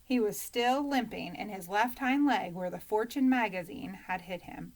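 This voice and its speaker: A woman narrating a children's storybook in a calm, even reading voice. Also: mid-range voice, normal speed. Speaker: audiobook reader.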